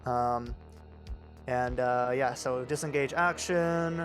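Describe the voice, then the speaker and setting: A man running a tabletop game as game master, relaxed and full of fillers while narrating the enemy's moves. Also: medium pitch, takes it slowly, soft background music.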